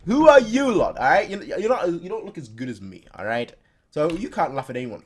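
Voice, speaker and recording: A young man hosts a casual manga read-along and breaks in with chatty, laughing asides. His voice sits a little high for a man and jumps about a lot in pitch. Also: very animated, fairly quick, slightly rough. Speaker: reaction video host.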